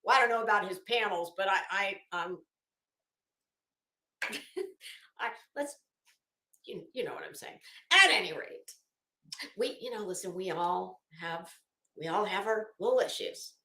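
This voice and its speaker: A woman's voice: medium pitch, measured pace, pauses often, bright, forceful tone. A woman streaming and chatting casually, rambling with many restarts and fillers. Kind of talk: casual chat. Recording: echoey room.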